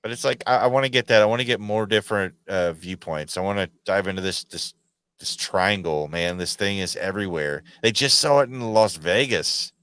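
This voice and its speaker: A man telling stories in a lively, slangy podcast chat, full of "dude" and "man". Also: low voice, fairly quick, smooth, no echo. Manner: animated storyteller, slangy, says dude and man a lot. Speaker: podcast guest. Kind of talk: casual chat.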